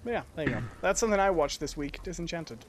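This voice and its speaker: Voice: medium pitch, lively intonation, quick pace, slight background noise. A stream co-host chatting casually in a hesitant, filler-heavy way. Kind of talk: casual live-stream chat.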